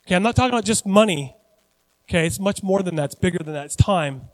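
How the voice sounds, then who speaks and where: A pastor in his forties preaching a sermon with animated, joking, self-deprecating asides. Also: high voice, fast, long reverb tail.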